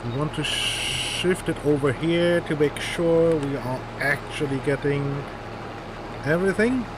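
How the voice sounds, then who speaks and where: Man, German accent, a bit high-pitched, chatty gameplay talk, noisy background hiss. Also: unhurried. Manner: chatty, joking, thinks aloud. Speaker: streamer. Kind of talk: casual gameplay commentary.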